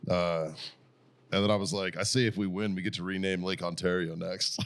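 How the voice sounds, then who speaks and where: A very deep-voiced man swaps stories on a podcast. He swears freely and laughs through his own retelling of a text exchange, in loose, casual chat. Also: little pitch movement, a little fast. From Boston area. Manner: profane storytelling, retelling texts with laughter. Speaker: podcast co-host.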